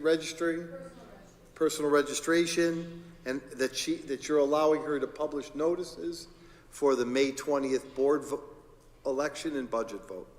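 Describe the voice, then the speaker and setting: A man's voice: a little high, long reverb tail. Man giving a board meeting report. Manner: informal, joking, conversational. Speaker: school district administrator presenting agenda items. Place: public board meeting room.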